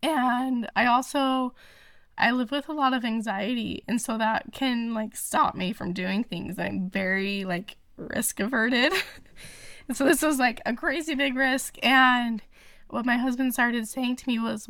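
Chatty woman with a creaky voice. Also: a little high, measured pace, a bit bright, no echo, clean studio sound. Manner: chatty, many fillers and restarts. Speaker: podcast guest. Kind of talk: casual interview chat.

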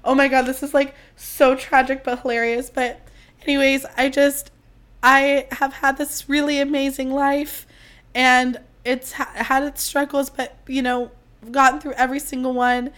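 A woman hosting her podcast solo, chatting casually and mocking herself, her voice strained and squeaky. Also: little pitch movement, measured pace, fairly bright tone. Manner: chatty, self-mocking, swears freely. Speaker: podcast host.

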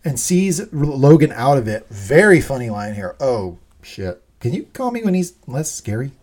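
A man's voice: medium pitch, very animated, moderate pace, darkish tone, husky. A man co-hosting a podcast, animatedly recapping a TV episode, swearing often and acting out the quoted lines. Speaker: podcast co-host. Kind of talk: casual TV recap chat.

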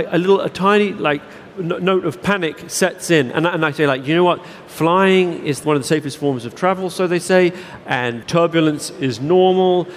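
A man telling a rambling, self-deprecating anecdote to a live audience as a keynote speaker, full of restarts. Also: on the high side. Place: large theatre with audience. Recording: reverberant hall, faint background noise.

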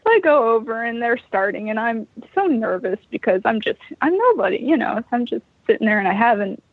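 A woman from Western Pennsylvania tells a story in a chatty, animated way. Her voice is fairly high and a little husky, and the sound is dry. It comes through a narrow, phone-like line. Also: fairly quick, no echo. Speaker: guest. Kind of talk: casual storytelling interview. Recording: tinny phone line, remote call.

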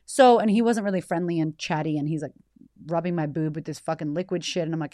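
A woman in her thirties hosting a podcast, telling a personal story in a blunt, animated way with frequent swearing. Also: fairly low pitch, fast, dry recording, studio quality. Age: 30s. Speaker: podcast host. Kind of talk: candid personal storytelling monologue.

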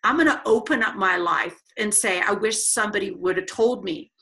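A middle-aged woman telling her life story as a podcast guest, animated and acting out the voices of people she quotes. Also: mid-range voice, moderate pace. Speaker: guest speaker.

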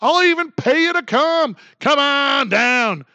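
A man voicing a jolly gift-giver who lures people over with promises of free things, in a shouted sing-song. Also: very high-pitched, lively intonation, slow pace, no room sound, highs cut off, voice pushed up, exaggerated voice. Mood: beckoning.

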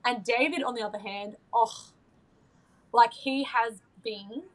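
Emotional, gushing woman, higher voice. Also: unhurried, rough recording. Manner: emotional, gushing, full of restarts and fillers. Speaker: podcast guest. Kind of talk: casual chat.

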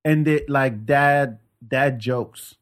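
A man's voice: medium pitch, slow pace. A man hosting a podcast, chatting casually and telling stories with comic voice impressions. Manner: animated storyteller, mimics voices for jokes. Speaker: podcast host. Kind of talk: casual comedic chat.

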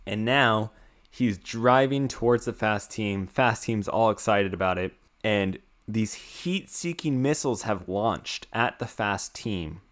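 A man's voice: fairly low pitch, slow, a bit bright. A young American man hosting a casual chat, recapping a film in a rambling way, full of "like" and restarts. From United States. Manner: rambling, many "like" fillers and restarts.

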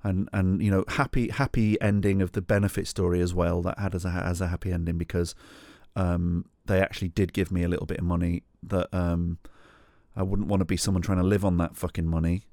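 A man's voice: low voice, little pitch movement, a little fast, gravelly, a little mellow, no room sound, studio quality. A middle-aged man hosting a solo podcast, telling a rambling, sweary, self-mocking story. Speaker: podcast host.

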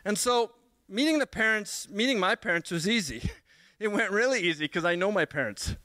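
Young male speaker, bright crisp voice, dry close sound, animated storyteller. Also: high voice, moderate pace, no echo. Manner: animated storyteller, self-mocking, many restarts. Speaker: speaker at a church gathering. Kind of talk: humorous personal story in a sermon.

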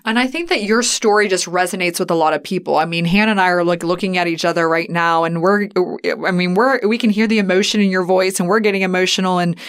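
Woman cohost chatting with a guest, warm questions, kinda far from the mic. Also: fairly low pitch, fast talker, few pauses, smooth. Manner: empathetic, reflective questioning. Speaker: podcast co-host. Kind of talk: conversational interview.

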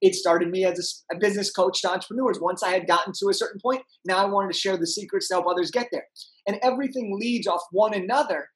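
A young man, a podcast guest, telling an energetic story and acting out the people in it. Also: high-pitched, fast, low-quality recording. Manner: animated, acts out voices in his anecdotes.

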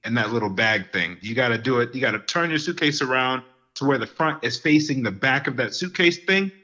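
A man telling lively stories in casual podcast chat, getting worked up as he goes. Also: mid-range voice, a little fast, dull audio. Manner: animated storyteller who gets worked up.

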